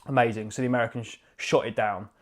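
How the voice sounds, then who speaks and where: A man's voice: mid-range voice, fairly even intonation, quick pace. A man co-hosting a podcast, casual chat, joking and swearing as he acts out voices. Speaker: podcast co-host.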